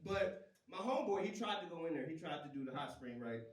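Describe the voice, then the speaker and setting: A man doing a stand-up comedy set, telling stories in an animated way, acting out voices and laughing as he goes. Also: a little high, fast talker. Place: comedy venue with a laughing audience. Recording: roomy live sound from a distance, crowd audible.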